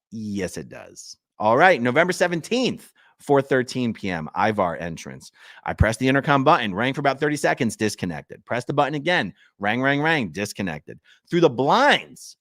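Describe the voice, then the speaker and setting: A channel host reads legal documents aloud, pausing now and then for chatty asides to his viewers. His mid-range voice is captured in studio quality with no echo.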